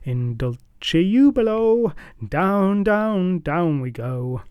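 A man's voice: sits high, big pitch swings, extremely slow, a little mellow, clear, resonant tone, no echo, voice pushed up, heavily acted. A jolly, slightly drunk monk, as a male storyteller puts him on sings and greets in a sing-song, merry way. His voice sits well above the teller's own, lifted and playful. The sound is close and dry. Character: jolly, tipsy male monk, singing cheerfully.

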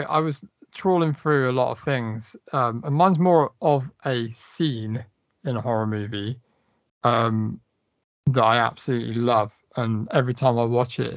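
Gravelly man swearing through film talk. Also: medium pitch, no echo, highs cut off. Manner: animated, swearing, retelling film scenes with quoted lines. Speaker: podcast co-host. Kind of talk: casual chat.

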